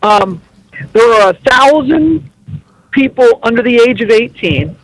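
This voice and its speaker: Middle-aged guy with a pretty high voice, on a radio show, telling funny stories and ribbing people. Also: expressive, a little slow, no room sound, low-quality recording. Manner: jokey storytelling, playful teasing. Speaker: guest. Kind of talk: casual chat. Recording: radio broadcast.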